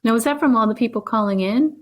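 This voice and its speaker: A woman hosting a podcast interview, friendly and quick to laugh, giving short reactions and asking questions. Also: on the high side. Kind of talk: casual interview.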